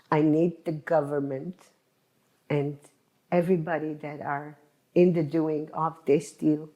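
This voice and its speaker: A distressed woman speaks in halting, pleading phrases, often repeating herself. Her voice sits low and dark, and she talks slowly. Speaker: hostage's family member. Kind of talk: emotional testimony.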